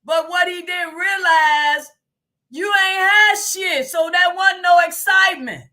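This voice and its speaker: A woman hosts a casual live stream, exclaiming and laughing as she talks. Her voice sits high and bright, and she takes her time with the words. She swears freely and often gets loud. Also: slow. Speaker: livestream host.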